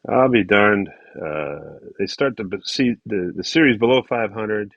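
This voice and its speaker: Deep-voiced man, rambling host. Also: animated, unhurried, no echo. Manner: rambling, many fillers. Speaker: podcast co-host. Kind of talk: casual chat and baseball recap. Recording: dull lo-fi recording.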